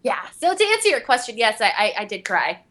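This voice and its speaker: A woman's voice: a little high, very animated, fast, a bit bright. A young woman, a voice actress on a panel, telling rambling stories with lots of fillers and giggles. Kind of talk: casual convention panel talk.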